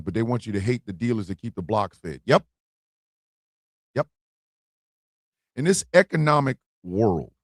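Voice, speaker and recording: A man's voice: medium pitch, no room sound, studio quality. A man hosting a livestream, delivering a blunt political monologue with emphatic repetition and swearing. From United States. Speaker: host.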